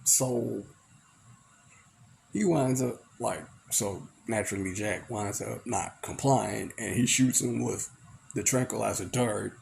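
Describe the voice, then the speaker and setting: A man's voice: lowish voice, slow, gravelly, darkish tone, slight background noise. A man recapping a movie in a casual, rambling way, full of "you know" and "like". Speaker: movie reviewer.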